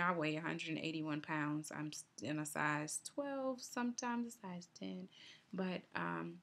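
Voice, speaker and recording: Woman vlogging a race recap, kinda low voice with lots of fry, chatty n earnest. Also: sharp tone. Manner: chatty and earnest, ends on encouragement. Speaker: vlogger and new marathon runner. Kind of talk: casual personal race recap.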